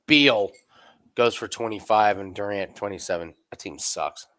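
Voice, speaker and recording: Joking live-stream host, loud laughs. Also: male voice, lowish voice, moderate pace. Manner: joking, repeats catchphrases, laughs loudly. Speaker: sports betting show host. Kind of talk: casual live-stream chat.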